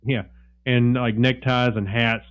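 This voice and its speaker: A male podcast co-host reads a news story aloud in casual chat, stumbling over restarts and fillers. His voice sits at a middle pitch, and the audio is dull and lo-fi. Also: flat delivery, clear, resonant tone. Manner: halting, many fillers and restarts.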